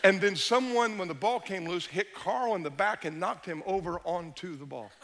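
A middle-aged man, a pastor, telling a story in a sermon, animated and swinging between hushed and shouting. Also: high voice, moderate pace, noisy background.

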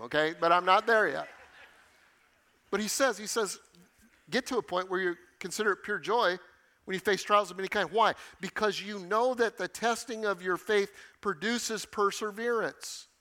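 A man's voice: high voice, sharp tone. A middle-aged man preaching a sermon with emphatic delivery, repeating key phrases for weight. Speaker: pastor.

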